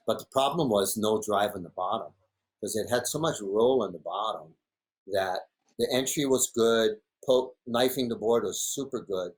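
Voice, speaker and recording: A man, a podcast guest telling a story in a casual, animated way, laughing often and acting out what others said. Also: fairly low pitch. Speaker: podcast guest, big wave surfer.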